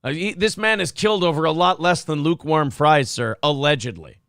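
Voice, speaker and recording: A man's voice: a little high, a little fast, fairly bright tone, slight background noise. An American man hosting a morning show, ranting and joking sarcastically in casual banter. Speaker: radio show host.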